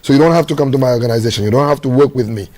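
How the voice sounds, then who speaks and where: Fast, animated man talk show guest. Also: mid-range voice. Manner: animated, preachy, fast-talking. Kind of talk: casual conversation.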